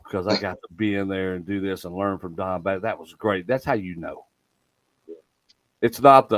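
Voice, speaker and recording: A middle-aged man, hosting a casual chat and telling stories in an animated way, swearing freely. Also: sits low, moderate pace, no room sound, rough recording. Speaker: podcast host.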